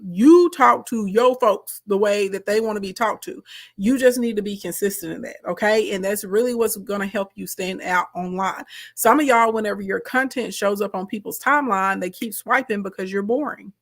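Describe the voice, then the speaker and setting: A woman hosting a live stream, coaching viewers in a direct, emphatic, chatty way and answering their comments. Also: on the high side. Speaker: host, content coach.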